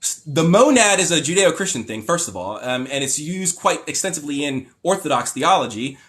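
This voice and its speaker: A man with a fairly high voice hosts a livestream. He reads passages aloud and then tears into them, sarcastic and exasperated, swearing freely. The sound comes through a phone or webcam mic. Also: lively intonation, a little fast, fairly bright tone. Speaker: livestream host. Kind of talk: ranting livestream commentary.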